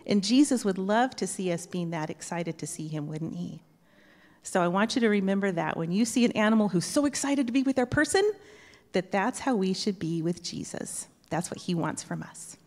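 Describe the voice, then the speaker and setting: Animated woman telling a children's story in a reverberant church. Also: medium pitch, normal speed. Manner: animated, asks children questions, imitates dog whines. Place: church sanctuary. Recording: long church hall reverb.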